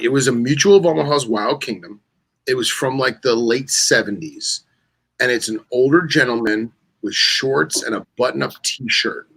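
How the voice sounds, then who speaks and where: A man's voice: mid-range voice, creaky, pushed and bright, breathy edge. A man co-hosting a casual podcast chat, telling animal stories and acting out the quotes. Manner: storytelling, acts out quotes. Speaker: podcast co-host.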